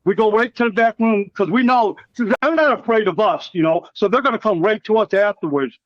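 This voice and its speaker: A middle-aged former wrestler with a high-sitting voice tells rambling, profanity-filled stories at a brisk pace in a casual interview, acting out what other people said. The recording is dry with no echo and sounds slightly dull.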